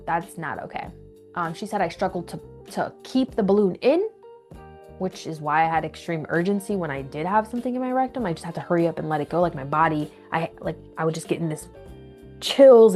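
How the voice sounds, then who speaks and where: A young woman at a natural middle pitch tells a personal story to her audience. She speaks candidly and acts out the voices of the people in it. Faint music plays softly behind her. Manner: candid, animated retelling with acted quotes. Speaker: vlogger.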